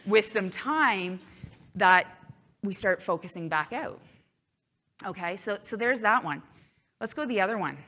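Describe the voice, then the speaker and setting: A woman's voice: mid-range voice, animated, unhurried, long pauses, sharp tone, a little hiss or hum. A woman keynote speaker giving a chatty live talk to an audience, acting out inner thoughts playfully.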